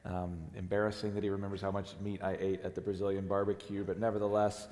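A hoarse man in his forties, the lead pastor, preaching a sermon in a halting, earnest way with many restarts. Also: sits low, flat delivery, a little mellow. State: hoarse, strained voice. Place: church sanctuary. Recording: long hall reverb.

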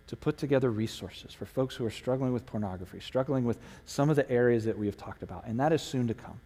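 A man's voice: medium pitch, a little mellow. A man preaching a sermon as pastor of a church, earnest and emotional, building to fervent emphasis. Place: church sanctuary. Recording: long hall reverb.

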